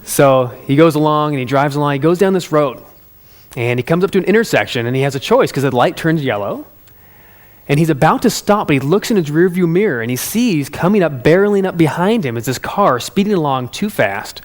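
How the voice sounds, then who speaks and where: A man delivers a motivational talk as a lively, conversational story, speaking straight to his listeners. His voice sits a little higher than most men's. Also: a little fast. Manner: animated, conversational, addresses listeners directly.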